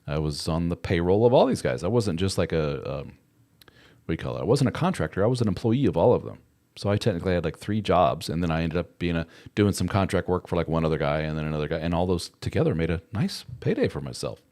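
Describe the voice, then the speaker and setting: A man's voice: low-pitched, lively intonation, fast talker, a little mellow. A middle-aged man hosting a casual livestream, answering viewer comments in a frank, conversational way with the odd curse word. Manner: frank and conversational, with occasional swearing. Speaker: host answering viewer chat.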